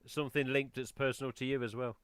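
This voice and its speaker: English guy hosting a stream, chatty, lots of yeahs, smooth and dry. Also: mid-range voice, little pitch movement, fairly bright tone, dry recording. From England. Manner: chatty, quick to laugh, lots of "yeah". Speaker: live stream host. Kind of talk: casual live stream chat.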